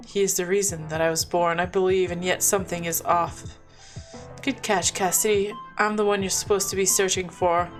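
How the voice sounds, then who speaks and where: A woman reading a visual novel aloud, breaking off with chatty asides. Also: mid-range voice. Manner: reads dialogue and narration, breaks off with chatty asides. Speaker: game narrator.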